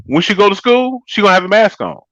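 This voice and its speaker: A man's voice: high voice, expressive, fast, fairly bright tone, no echo, lo-fi sound. A man co-hosting a casual chat show, talking emphatically in a preachy way and calling his listeners y'all. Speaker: co-host.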